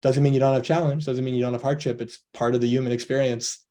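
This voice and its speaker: Earnest man with a mellow voice coaching on a call. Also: medium pitch, flat delivery, fast talker. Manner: earnest, acts out both sides of imagined dialogues. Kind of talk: motivational talk on a video call. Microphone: video call.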